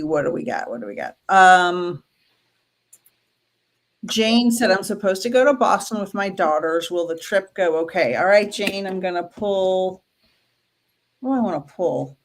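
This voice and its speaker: A woman co-hosting a live stream, pulling cards and chatting playfully with viewers. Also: on the low side. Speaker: co-host. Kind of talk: live-stream card reading.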